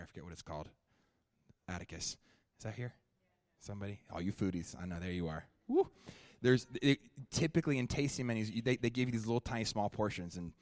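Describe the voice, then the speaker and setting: A young man preaching a sermon at a church, shifting from animated, joking storytelling to quiet, prayerful ministry. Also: fairly low pitch, dry recording. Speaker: guest preacher.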